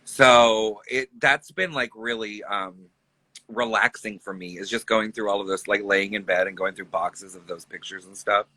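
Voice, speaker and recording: A man's voice: lowish voice, fairly even intonation, moderate pace, sharp tone, no room sound, rough recording. A man in his thirties, a drag performer chatting casually on a livestream, joking and laughing often. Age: 30s.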